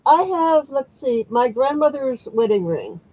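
A woman's voice: high voice, very animated, measured pace, dark tone, no echo, lo-fi sound. A woman calling in over a video call to an appraisal show, talking in a casual, friendly way. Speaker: caller.

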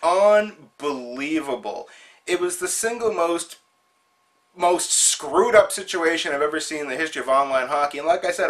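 A man hosting his own show tells a funny story in a chatty, amused way, as a casual storytelling monologue. His voice is a little high with a fairly bright tone.

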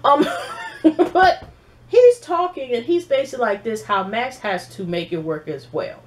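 Animated, profane woman recapping reality TV. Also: fairly high pitch, measured pace. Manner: animated, profane, mimics people she quotes. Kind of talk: casual episode recap.

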